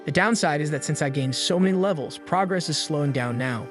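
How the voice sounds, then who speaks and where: A cool, confident young hero from a comic recap, voiced by a man, matter-of-fact and unhurried in his asides. The voice is a little high, with faint music behind. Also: close to an everyday voice. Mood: calm.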